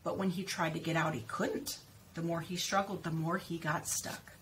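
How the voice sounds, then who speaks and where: Woman speech teacher, lower voice, clear deliberate articulation, story read-aloud with drills. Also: fairly even intonation, a bit bright, slight background noise. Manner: slow, clearly stressed repetition of target words. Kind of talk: reading a picture book aloud with word practice.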